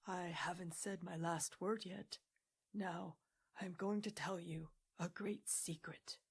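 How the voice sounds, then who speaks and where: A woman voicing a stern, wise old male badger who speaks severely and quietly. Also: lowish voice, fairly even intonation, husky, exaggerated voice. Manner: severe, measured, hushed.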